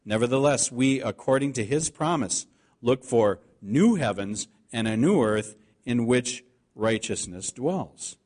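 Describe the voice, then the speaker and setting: Earnest male preacher, steady middle voice. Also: mid-range voice. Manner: earnest preaching, slows to stress scripture quotes. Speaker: pastor. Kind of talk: sermon.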